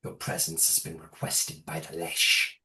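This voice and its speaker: A man voicing a gruff hobgoblin shaman who speaks slowly, deeply and formally in a tabletop game. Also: completely flat delivery, sharp tone, distant mic, exaggerated voice. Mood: solemn. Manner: slow, deep, formal.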